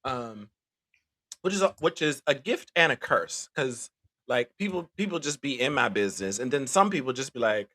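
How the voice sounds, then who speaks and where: A male podcast co-host telling stories in casual chat. His pitch swings widely as he talks. He laughs often and keeps things loose. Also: moderate pace, slightly rough. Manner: animated storyteller, laughs often.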